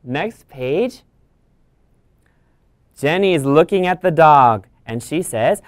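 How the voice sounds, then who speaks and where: Woman teacher reading to kids, gaspy and animated, lower pitch. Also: slow pace, pauses often, dry recording, clean studio sound. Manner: animated, gasping, bilingual explaining. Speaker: English teacher. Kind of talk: reading a picture book aloud for children.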